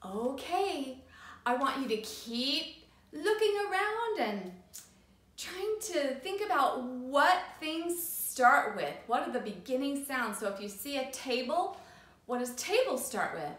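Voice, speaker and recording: A high, lively woman's voice guides small children through letter sounds, each one drawn out in a slow, sing-song way. Her tone is bright and clear. The room around her gives back a noticeable echo. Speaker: preschool teacher. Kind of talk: phonics lesson for young children.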